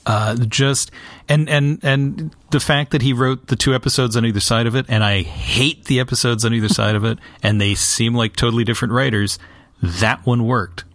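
Male guest, medium pitch, emphatic, tripping over words, dry mic. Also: fairly even intonation, normal speed, fairly bright tone, no echo. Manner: emphatic, stumbling restarts. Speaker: podcast guest. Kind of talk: casual chat.

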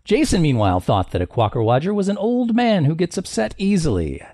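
A man's voice: on the high side, huge pitch swings, a little fast, dark tone, no echo, studio quality. A man hosting a comedy game show podcast, playful and teasing. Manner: playful, teasing, breaks into goofy voices.

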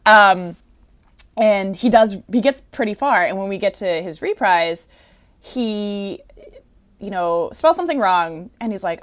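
A woman in casual conversation, chatty and animated, filling her talk with "like" and quoting characters. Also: medium pitch, measured pace. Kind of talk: casual chat about a musical.

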